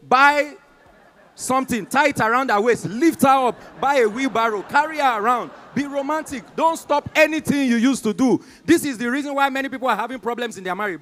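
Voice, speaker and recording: A Nigerian man with a high-pitched voice performs live stand-up comedy. He tells his stories with animated energy and keeps turning to address the audience directly. His Nigerian accent colors every line. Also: big-room sound.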